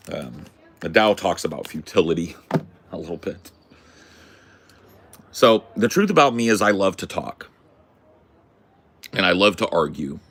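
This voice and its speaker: A man hosting a podcast, ranting through a story as a brash, profane self-declared loudmouth who keeps asking "right?". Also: deep voice. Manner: punctuates points with "right?". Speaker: podcast host. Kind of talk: casual storytelling rant.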